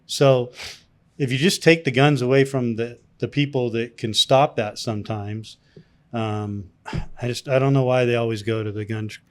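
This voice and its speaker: Rambling man co-host, mid-pitched voice. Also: fairly even intonation, normal speed. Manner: rambling, lots of "like" and restarts. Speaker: podcast co-host. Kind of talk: casual chat.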